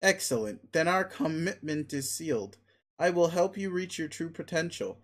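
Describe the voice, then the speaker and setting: A man reading aloud as a bossy, vicious young alien male, blunt and sneering, in a slightly high voice that stays close to a plain reading voice. He lays out demands in a pushy way. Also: lively intonation, normal speed, fairly bright tone. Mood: domineering.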